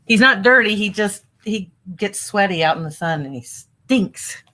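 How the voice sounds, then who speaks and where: Bright, chatty woman livestreaming. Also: medium pitch, lively intonation, a little slow, a little hiss or hum. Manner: chatty and rambling, with frequent fillers and asides. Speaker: livestream host and online reseller. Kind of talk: casual livestream chat. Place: at home.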